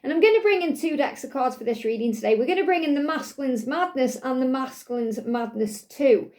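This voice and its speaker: High-pitched female card reader, chatty spiritual monologue that circles back on itself. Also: lively intonation, a little fast, darkish tone. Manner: chatty, repeats phrases, voices the cards' messages.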